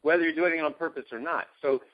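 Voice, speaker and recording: A man coaching, explaining his ideas enthusiastically and emphatically over a call. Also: fast talker. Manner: enthusiastic, emphatic, jumps pitch on key words. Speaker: guest, self-help coach. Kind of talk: animated conversational explaining. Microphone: call line. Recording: dull lo-fi phone-call audio.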